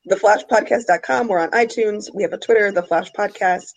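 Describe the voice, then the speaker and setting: A woman is a guest on a casual podcast, and her voice has a gravelly fry. She talks in an easygoing way and keeps filling her sentences with "like". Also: mid-range voice, brisk, poor audio. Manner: easygoing, peppers speech with "like".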